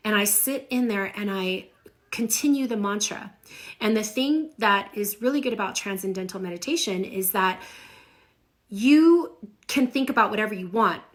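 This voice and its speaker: A middle-aged woman chats on a livestream from home, speaking to her viewers through a phone. She tells stories in a lively, animated way, with a voice of ordinary pitch for a woman. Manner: chatty, animated storytelling. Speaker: livestream host. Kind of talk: casual live chat.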